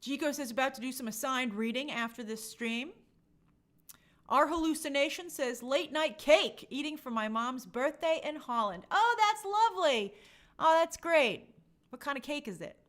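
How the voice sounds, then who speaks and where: Streamer host: woman, high, lively voice, chatty and friendly with her viewers. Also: moderate pace. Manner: chatty, reads comments aloud and answers them. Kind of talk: casual live-stream chat reading viewer comments.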